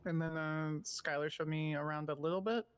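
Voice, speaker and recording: A roleplay character telling a story quickly, tripping over words. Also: medium pitch, steady tone, a little hiss or hum.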